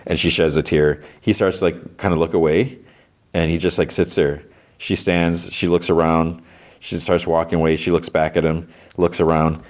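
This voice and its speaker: A man with a very low voice runs through a TV episode scene by scene. His recap stays loose and conversational, packed with "he's like" and quick restarts. It sounds like a relaxed podcast host.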